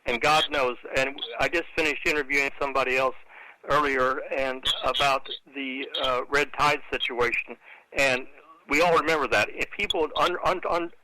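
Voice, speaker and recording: A man's voice: medium pitch, steady tone, normal speed, bright, forceful tone, low-quality recording. A man hosting a radio interview, eagerly prompting his guest with stumbling restarts. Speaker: radio host.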